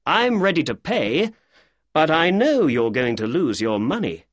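A sharp, inquisitive detective, as an audiobook narrator puts him on, lifted well above the reader's own voice and swinging through a very lively melody. He asks brisk, courteous questions at an unhurried pace, with a husky edge on a dry, close recording. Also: fairly high pitch, no room sound, voice pushed up. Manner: brisk, polite and probing. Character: keen sharp-witted male detective. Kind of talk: audiobook character reading.

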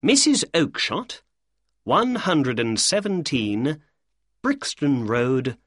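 A man putting on a higher, probing detective voice. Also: sing-song, fairly bright tone, no echo, clean studio sound, exaggerated voice. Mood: inquisitive. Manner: brisk, polite and probing. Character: keen sharp-witted male detective. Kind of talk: audiobook character reading.

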